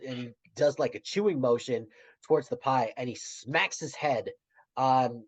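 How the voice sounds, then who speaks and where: A man co-hosting a podcast in casual chat, retelling scenes and trailing off softly at the ends of his thoughts. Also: medium pitch, measured pace, breathy edge, rough recording. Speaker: podcast co-host.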